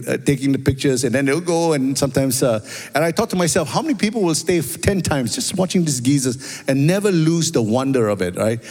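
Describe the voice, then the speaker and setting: A pastor with a Singaporean accent, preaching a sermon and telling stories, often asking "amen?" and "right?". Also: male voice, on the high side. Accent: Singaporean English. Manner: storytelling, animated, repeats phrases, asks "amen?" and "right?". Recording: long reverb of a large hall.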